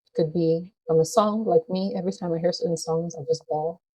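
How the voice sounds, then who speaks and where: Mellow husky-voiced woman vlogger. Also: on the low side, fairly even intonation, a little fast, highs cut off. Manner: heartfelt, earnest, speaks directly to viewers. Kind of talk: personal talk to camera.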